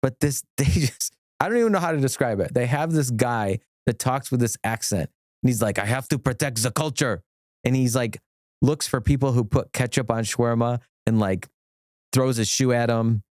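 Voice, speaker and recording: A middle-aged man, an attorney, chatting as a podcast guest, enthusiastic and rambling with quick restarts. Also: medium pitch, a little mellow, dry recording, clean studio sound. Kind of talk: casual podcast conversation.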